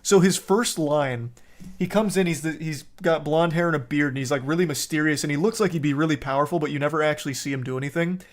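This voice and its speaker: Young male streamer, slightly high voice, sarcastic and profane, rambling casual chat. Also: quick pace.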